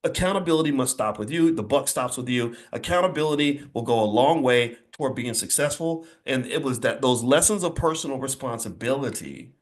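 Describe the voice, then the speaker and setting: A man's voice: mid-range voice, lively intonation, a little fast, few pauses. A middle-aged man giving a motivational speech to a live audience in an indoor venue, emphatic and repetitive, with a preacher-like rhythm. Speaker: motivational speaker.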